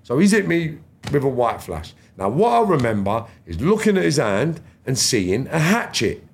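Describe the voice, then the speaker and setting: A middle-aged London man talks with a rough, gravelly edge to his voice. He tells his story in blunt street slang and swears freely. The tone is casual, like a podcast guest speaking off the cuff. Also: medium pitch, very animated, moderate pace, a little hiss or hum.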